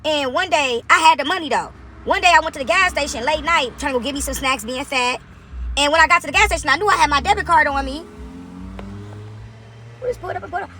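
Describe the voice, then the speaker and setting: High, bright-voiced woman telling a story. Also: fast talker, soft background music. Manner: animated, chatty, frequent "right?" asides. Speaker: vlogger. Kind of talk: casual storytelling monologue.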